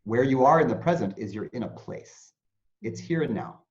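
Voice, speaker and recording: In an interview about mindfulness, a male guest explains ideas conversationally at a normal speed, his pitch rising and falling expressively. He's animated and acts out little anxious inner voices, all captured in dull, lo-fi sound.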